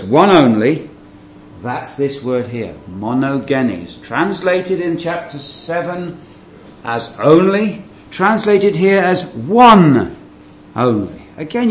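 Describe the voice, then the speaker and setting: A man teaches through scripture verse by verse, in a voice neither high nor low. He leans hard on key words and stretches them out, then turns to the listeners with rhetorical questions. The recording sounds dull and lo-fi, with a faint room ambience behind him. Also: slight background noise. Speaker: Bible teacher.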